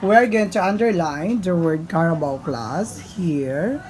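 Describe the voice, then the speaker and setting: A woman teaching a grammar lesson in a slow, deliberate way, often calling the class to attention. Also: lowish voice, animated, a little mellow, slight background noise, low-quality recording. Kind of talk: grammar lesson for young learners.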